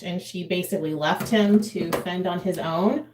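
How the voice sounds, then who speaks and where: A woman's voice: on the low side, moderate pace, a little mellow, reverberant. A woman in her forties chatting casually to a live chat while doing her makeup at home, laughing often. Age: 40s. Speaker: vlogger.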